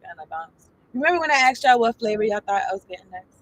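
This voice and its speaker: A woman's voice: fairly high pitch, sing-song, fast, rough recording. A woman doing a casual tarot reading, reading card text aloud and then riffing on it in a loose, profane, chatty way. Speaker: tarot reader.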